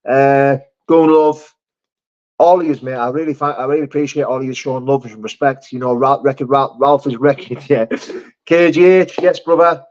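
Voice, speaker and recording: Male streamer, blunt and matey, middle pitch, slightly muffled stream audio. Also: steady tone, moderate pace, darkish tone. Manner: blunt, laddish, swears, laughs often. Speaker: live stream host reading chat. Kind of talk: casual live chat.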